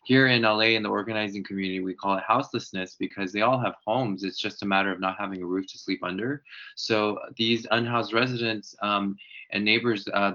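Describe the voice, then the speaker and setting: A man speaking as a podcast guest, earnestly explaining local issues in a measured way. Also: lowish voice, sharp tone. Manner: measured, explanatory, uses organizer terms. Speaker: political guest, former congressional candidate. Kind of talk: earnest policy talk on a podcast. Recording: dull lo-fi sound.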